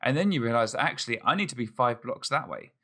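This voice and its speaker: A man's voice: medium pitch, lively intonation, quick pace, sharp tone. A man hosting a let's play, thinking aloud in chatty, self-mocking commentary as he plays. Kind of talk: casual gameplay commentary.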